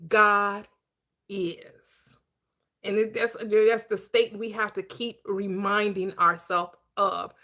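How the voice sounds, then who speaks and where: A middle-aged woman hosting a spiritual discussion, speaking slowly and emphatically and laughing often. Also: mid-range voice, level tone, pushed and bright. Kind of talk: spiritual discussion group chat.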